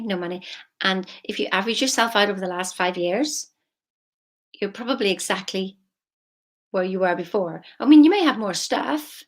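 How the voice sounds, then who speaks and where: A woman, a money mindset coach talking casually, emphatic and chatty with soft intimate asides. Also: medium pitch. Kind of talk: casual motivational vlog.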